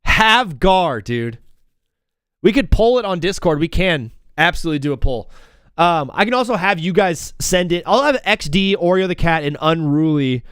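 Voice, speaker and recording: Male sports talk host, jokey and rambling, bouncy high-ish delivery, dry sound. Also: smooth, no room sound. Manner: animated, rambling, self-interrupting, jokey. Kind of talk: casual live sports talk show.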